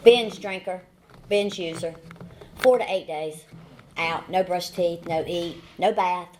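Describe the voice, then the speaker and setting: At an AA meeting, a woman in her forties from the Southern United States tells her recovery story in a medium-pitched voice, with slight background noise. She leans on folksy storytelling, repeated phrases and a dry sense of humor.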